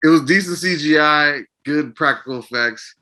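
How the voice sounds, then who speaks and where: A man co-hosting a podcast, chatting casually about films, throwing in crude jokes and quick agreement. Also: fairly high pitch, pushed and bright. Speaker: podcast co-host. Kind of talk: casual film review chat.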